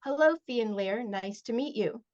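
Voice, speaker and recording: A woman's voice: on the high side, expressive, moderate pace, close to an everyday voice. Woman voicing a friendly polite teenage boy, plain reading voice, dull lo-fi audio.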